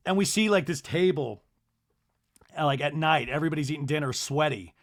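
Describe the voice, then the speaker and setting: Gossipy, animated male podcast host. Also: a little high. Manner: gossipy, animated storytelling with quick asides. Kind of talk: solo reality TV recap.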